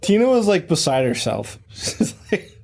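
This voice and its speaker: A man with a somewhat high voice co-hosts a horror movie podcast. He jumps in with excited, casual remarks, laughing and cursing as he talks. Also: unhurried, vocal fry. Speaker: podcast co-host. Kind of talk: casual movie recap chat.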